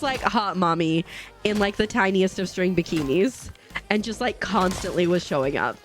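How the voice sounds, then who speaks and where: Woman streamer, casual and giggly, mid-pitched, faint game music behind. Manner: chatty, giggly, talks to chat. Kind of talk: casual live-stream chat while gaming. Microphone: desk microphone.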